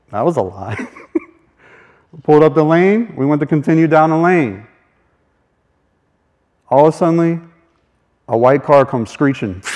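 A man's voice: medium pitch, a little mellow. A man sharing a faith testimony as a folksy, chuckling storyteller who acts out the voices of people in his story. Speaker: speaker sharing a personal testimony.

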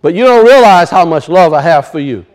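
A man's voice: fairly high pitch, animated, brisk, a little mellow. A male pastor preaching a sermon, emphatic, with rhetorical questions and casual asides.

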